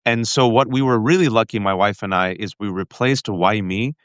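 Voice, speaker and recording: A man earnestly recounting a family ordeal in an interview, halting often and restarting his sentences. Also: on the low side, a bit bright, dry recording. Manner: earnest, halting, with restarts and frequent direct address. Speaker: guest. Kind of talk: emotional personal storytelling in an interview.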